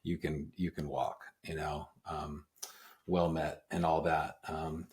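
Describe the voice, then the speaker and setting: A man hosting a podcast, talking in a relaxed, rambling way with many fillers as he tells a story. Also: very deep voice, slow pace. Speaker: podcast host. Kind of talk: casual conversation.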